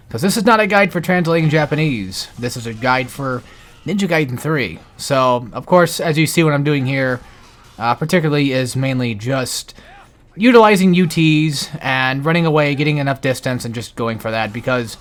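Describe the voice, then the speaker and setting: A man's voice: medium pitch, fairly bright tone. A man narrating a game guide over gameplay in a casual, rambling way, a bit out of breath. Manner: rambling, many fillers and restarts.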